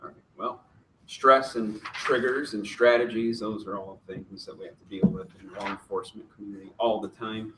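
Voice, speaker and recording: A low, flat-voiced man talks steadily and without fuss in a group discussion. He is picked up from across the room, and loud background noise runs under his voice. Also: moderate pace, recorded from a distance. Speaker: workshop participant from law enforcement.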